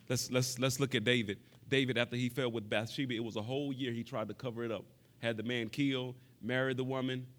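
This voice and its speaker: A man with a mid-range voice preaches a sermon directly to the congregation, repeating words for emphasis and shifting between quiet passages and raised, impassioned ones.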